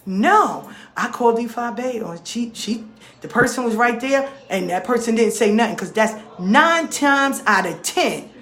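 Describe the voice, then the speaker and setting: A woman's voice: a little high, lively intonation, moderate pace, fairly bright tone, reverberant. A woman hosting her own talk show, speaking bluntly and with a lot of swearing to her followers, acting out both sides of conversations. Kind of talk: casual monologue to followers.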